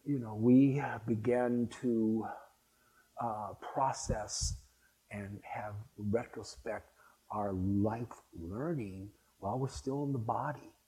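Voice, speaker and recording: A man's voice: lowish voice, slow, dark tone, poor audio. An older man speaking to a spiritual gathering, rambling and anecdotal, with frequent restarts as he reminisces. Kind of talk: reminiscing talk to an audience.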